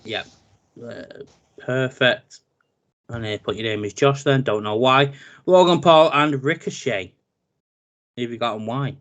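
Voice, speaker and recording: A man, co-hosting a casual wrestling chat, running through a match card with animated, jokey asides. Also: medium pitch, measured pace, pauses often, lo-fi sound. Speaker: podcast co-host.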